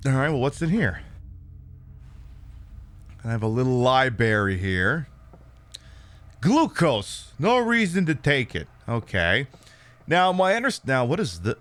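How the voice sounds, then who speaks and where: A man's voice: mid-range voice, a bit bright. A man streaming a horror game, giving casual let's-play commentary with sarcastic jokes, rambling asides and casual swearing.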